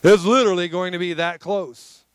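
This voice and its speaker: A man's voice: high-pitched, fairly even intonation, moderate pace, clean tone, no room sound. A man preaching a sermon to a congregation, emphatic and conversational, calling out for responses. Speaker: pastor.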